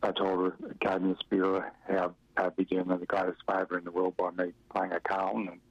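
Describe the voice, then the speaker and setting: A middle-aged Australian man tells loose, chuckling stories about his football days, leaning on fillers as he goes. His voice sits very low with a gravelly edge. The recording is muffled and dry, like an old radio interview. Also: monotone, a little fast, dry recording. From Western Australia. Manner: rambling, chuckling anecdotes with many fillers. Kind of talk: relaxed storytelling interview.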